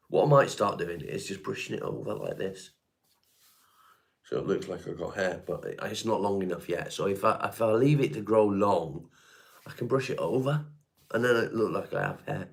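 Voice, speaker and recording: A middle-aged man from England with a Devon accent hosts a livestream from his home, reading chat and answering viewers bluntly and casually while swearing freely. His voice is on the low side and creaky, at a moderate pace.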